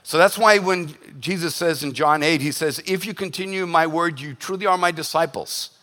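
A man preaching to his congregation in a bright, forceful voice pitched a little high. He talks in an animated, joking way, breaking into quick voiced asides. A long reverb from the church hall hangs on every phrase. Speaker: pastor. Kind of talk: sermon.

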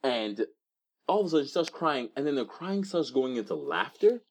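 A young man co-hosting a casual podcast chat, telling stories in an animated way and acting out voices. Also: mid-range voice, moderate pace, slight background noise. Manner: animated storyteller, acts out screams and voices. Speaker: podcast co-host.

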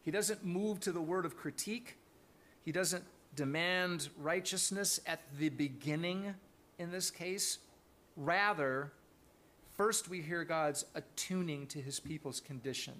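A man's voice: fairly high pitch, a little slow, fairly bright tone. A man preaching a sermon to his congregation, earnest and thoughtful, often restarting his phrases. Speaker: pastor.

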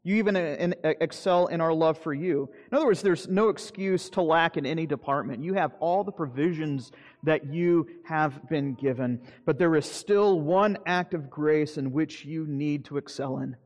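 A male pastor with a slightly raised voice delivers an earnest sermon, pushing up on key phrases and sinking low at the end of each point. The sound carries a long church-hall reverb. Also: normal speed, darkish tone.

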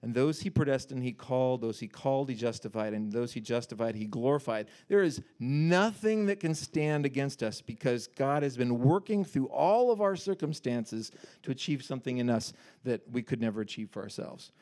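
A man preaching a casual sermon, reading scripture and paraphrasing it in a lively, conversational way. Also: mid-range voice, normal speed. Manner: animated, conversational, breaks off to joke and paraphrase.

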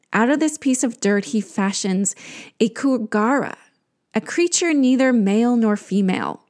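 A woman narrating an ancient myth in a deliberate, scripted reading. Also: fairly high pitch, darkish tone. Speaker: storyteller.

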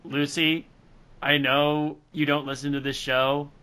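Bright-voiced chatty male co-host. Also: fairly high pitch, flat delivery, unhurried, clean tone. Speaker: podcast co-host. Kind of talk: casual comedic chat.

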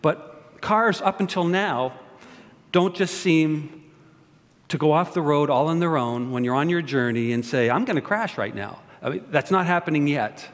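Speaking a little slowly in a slightly high voice, this pastor jokes and asks his congregation questions during a sermon with prayer. A large hall's long reverb carries his words.

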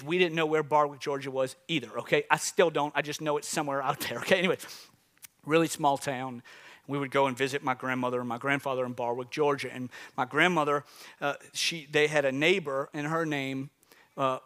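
Preacher guy in his 40s, chatty sermon, high pitched, asks the crowd stuff. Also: fairly bright tone. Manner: conversational, calls out to the congregation. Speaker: pastor.

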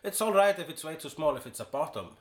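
A man's voice: fairly high pitch, quick pace, background noise. A man from Iceland co-hosting a podcast, chatting casually and playfully. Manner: lively, playful and joking. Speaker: podcast co-host. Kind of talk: casual chat.

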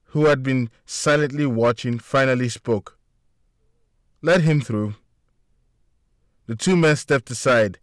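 A man narrating an audiobook chapter in a steady, plain storytelling voice. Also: mid-range voice, no echo, clean studio sound.

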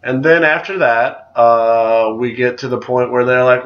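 A man's voice: mid-range voice, steady tone, unhurried, highs cut off. A man co-hosting a casual podcast, rambling and swearing, often repeating himself as he talks. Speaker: podcast co-host. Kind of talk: casual chat.

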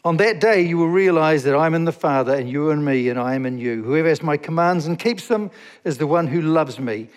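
High-voiced man preaching in a reverberant hall. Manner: reads scripture slowly, asks the congregation questions. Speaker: pastor. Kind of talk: sermon.

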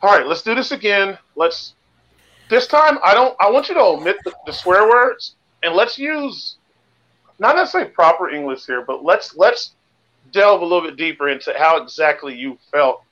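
A man with a bright, forceful and fairly high voice, animated as he leads a mock therapy session in a comedy sketch. The recording sounds dull and lo-fi. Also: moderate pace. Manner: animated, mimics others in a high camp voice. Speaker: comedian acting a group therapist.

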